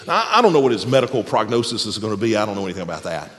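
A man preaching a sermon as pastor, animated, then dropping to a soft, quiet voice for tender moments. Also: mid-range voice, rapid-fire, few pauses. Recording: long hall reverb.

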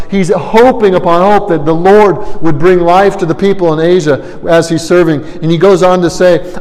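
A man preaching a sermon, earnest, his voice swelling loud on emphatic lines and then dropping low. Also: in a large hall, rough recording. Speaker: pastor.

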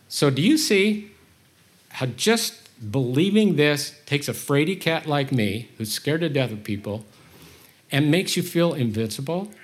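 A man with a voice on the high side preaches at a measured pace in a conversational manner. Candid and self-effacing, he moves back and forth between quiet and animated delivery.

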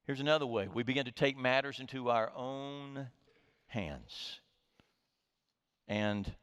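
Lively preaching man in reverberant hall. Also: medium pitch. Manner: earnest, emphatic preaching with rising and falling delivery. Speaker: pastor. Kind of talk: sermon.

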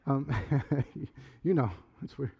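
A middle-aged man preaching a sermon in a loose, conversational way, rambling through stories and sometimes shouting. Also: mid-range voice, slow, gravelly, breathy edge, highs cut off. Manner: conversational, rambling storyteller with sudden loud outbursts. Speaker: pastor.

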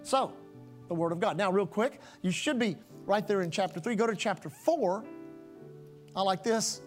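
A male pastor delivering a sermon in a strikingly high voice. He drives his points home by repeating phrases over and over in a rhythmic preaching cadence. Soft music plays faintly behind him. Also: normal speed.

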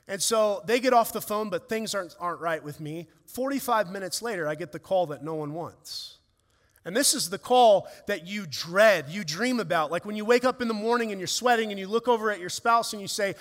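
A man's voice: sits high, a little fast, fairly bright tone. A man preaching a sermon as a pastor, telling a family story with earnest, rising emotion. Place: church hall. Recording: long reverb of a church hall.

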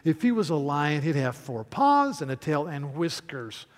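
A man's voice: fairly high pitch, sing-song, moderate pace. Man doing an arrogant talking horse. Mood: scoffing. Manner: scoffing and loud. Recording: echoey hall reverb.

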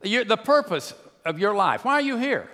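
A man preaching a sermon to a church, swinging between hushed and raised delivery. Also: sits high, sing-song, moderate pace. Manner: preaching with wide swings from soft to loud. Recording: long hall reverb.

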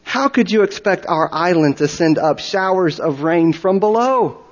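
A man voicing an old male island chief who speaks in a gentle, imploring tone. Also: sits high, expressive, normal speed. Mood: pleading. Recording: dull recording with long reverb.

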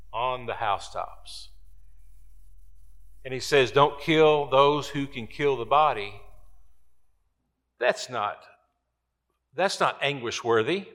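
Man, pastor preaching, slow deliberate pace, repeats words for emphasis, reverberant sanctuary. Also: mid-range voice, a bit bright. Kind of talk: sermon. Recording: long hall reverb.

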